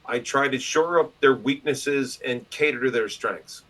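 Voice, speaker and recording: A man telling stories as a guest in a casual interview, loud, profane and animated, slipping into other people's voices. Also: mid-range voice, a little slow, poor audio. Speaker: podcast guest and publisher.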